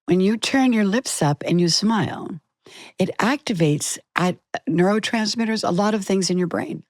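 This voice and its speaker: An older woman, an actress being interviewed, telling stories in an animated way and acting out the voices she quotes. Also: mid-range voice, normal speed, no echo, clean studio sound. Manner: animated storytelling, acts out quotes. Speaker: guest, actress. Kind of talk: conversational interview.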